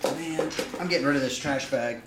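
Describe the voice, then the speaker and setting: A man with a slightly high voice hosts a casual live card break, reeling off player names at a moderate pace as he opens packs, with background noise audible.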